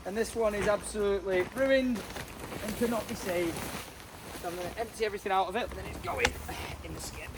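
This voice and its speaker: A young man vlogs outdoors in a loose, chatty way. His voice sits high for a man and jumps into loud excited outbursts. A faint hiss runs underneath. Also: a little fast. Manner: excitable, loud exclamations, swears casually. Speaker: vlogger. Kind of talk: casual vlog chat. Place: outdoors on a farm.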